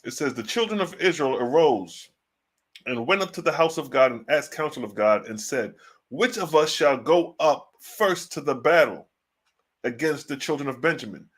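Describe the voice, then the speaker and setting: A man's voice: fairly high pitch, animated, normal speed, breathy edge. A man giving a casual, slang-filled livestream commentary on scripture, asking rhetorical questions and reading passages aloud. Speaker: online religious teacher.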